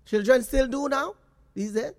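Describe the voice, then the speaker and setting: A man hosting a talk radio call-in show, asking slow, probing questions. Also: extremely high pitch.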